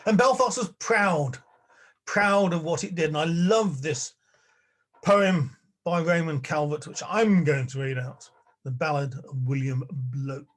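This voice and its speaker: This is an older man giving a public talk from the spare bedroom he uses as a study. His voice sits a little high for a man. He talks in a wry, chatty way, chuckling now and then. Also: measured pace, a bit bright. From England. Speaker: lecturer.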